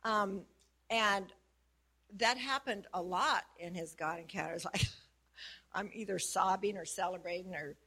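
A woman's voice: mid-range voice, unhurried, pushed and bright, breathy edge. A woman who works as a prayer facilitator, sharing her experience casually and earnestly, laughing often as she talks. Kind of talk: casual testimony.

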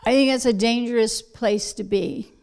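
A woman preaching a sermon, emphatic and unhurried, with soft quiet asides. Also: on the high side, steady tone, clear, resonant tone.

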